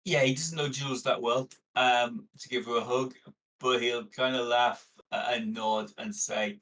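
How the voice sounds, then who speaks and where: A man playing in a tabletop role-playing game, soft-spoken and laid-back, with hesitant pauses. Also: mid-range voice, fairly even intonation. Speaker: player. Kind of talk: casual tabletop role-play. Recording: distant mic with faint noise.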